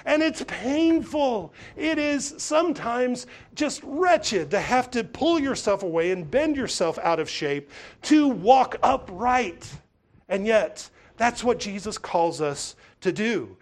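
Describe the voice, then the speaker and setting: A pastor preaching a sermon, with emphatic, repeating phrases and frequent restarts. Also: male voice, high voice. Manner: acts out voices of others when telling stories.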